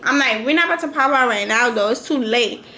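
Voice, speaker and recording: A young adult woman vlogger, telling a storytime with animated, slangy quotes. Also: on the high side, brisk, reverberant, music in the background. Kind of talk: storytime vlog.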